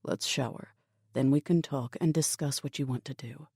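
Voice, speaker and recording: A woman voicing a brooding, powerful male crime boss in an audiobook, speaking to his lover in low, hesitant, tender lines. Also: normal speed, darkish tone, breathy edge, no echo, studio quality, exaggerated voice. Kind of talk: audiobook character dialogue.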